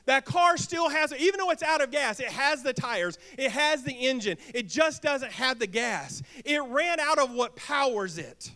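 High, bright-voiced energetic male preacher. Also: moderate pace, hardly any pauses. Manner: energetic, asks the crowd questions and acts out quips. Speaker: pastor. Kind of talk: sermon. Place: church sanctuary.

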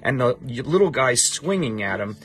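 A man's voice: medium pitch, sing-song, normal speed. A middle-aged man teaching a Bible passage to a student, emphatic and repeating his points.

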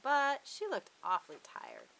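A woman reads a children's picture book aloud, lively and expressive. Her voice is bright and clear. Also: high-pitched, measured pace, rough recording. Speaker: storybook reader. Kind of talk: children's storybook read-aloud.

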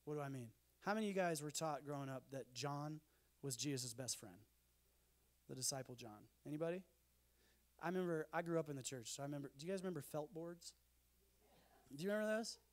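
A man speaking at a conference in an animated, conversational sermon style with jokey asides. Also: fairly high pitch, fairly quick, long pauses.

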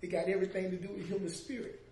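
A man's voice: high-pitched, level tone, rapid-fire, dark tone. A middle-aged man, a former music manager, telling an emotional story in an interview. He acts out the voices of the people he quotes, and his voice swells as the feeling rises. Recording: echoey room, distant mic, faint noise.

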